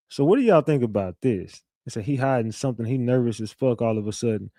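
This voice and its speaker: A man hosts a casual livestream, his medium-pitched voice animated and fast with hardly any pauses and a dark tone, captured as a dry, clean studio recording. He talks loosely and profanely, repeats himself, and reads viewer messages aloud.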